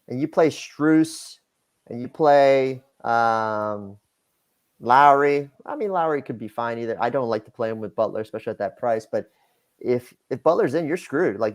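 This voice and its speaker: A man co-hosting a casual livestream, giving sports picks in a loose, rambling way with many fillers. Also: mid-range voice. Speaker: co-host, sports betting analyst.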